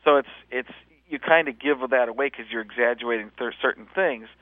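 A male comedian and impressionist, chatting in a radio phone interview from a hotel room, lively and quick to slip into voices. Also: mid-range voice, dry recording. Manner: animated, jumps into voices and laughs at his own jokes. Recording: tinny phone line, dry.

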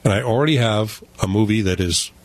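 A man reviewing a movie on a talk show with animated sarcasm. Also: fairly low pitch, brisk, dry recording. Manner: animated, sarcastic, jumps into voices. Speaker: film critic. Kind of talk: casual radio chat.

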